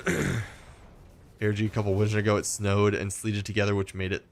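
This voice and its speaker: A man from Texas chats casually while he plays a game, his voice sitting on the lower side. He rambles through a story and restarts his sentences often, with plenty of fillers. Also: level tone, a little fast, vocal fry. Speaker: gaming streamer. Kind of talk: casual chat while gaming.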